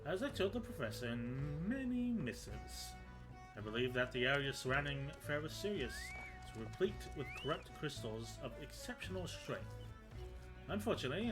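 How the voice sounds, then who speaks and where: A man's voice: mid-range voice, pitched above the performer's own voice, natural voice, low-quality recording. A man voicing a fussy, long-winded woman scholar with prim, old-fashioned wording. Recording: game music behind.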